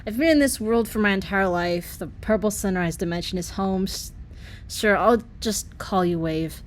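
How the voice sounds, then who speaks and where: A woman's voice: medium pitch, normal speed, close to an everyday voice. A woman voicing a friendly, chatty young male companion in an amateur audiobook, without changing her voice much.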